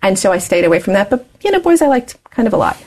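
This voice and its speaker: A woman's voice: mid-range voice, very animated, very fast, darkish tone. A woman in her forties, an interview guest telling her life story candidly and laughing often as she talks.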